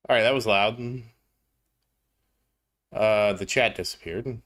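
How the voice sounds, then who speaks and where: A gaming livestreamer with a lowish, slightly bright voice speaks slowly as he plays a mobile game. He gives casual commentary and greets viewers in chat by name.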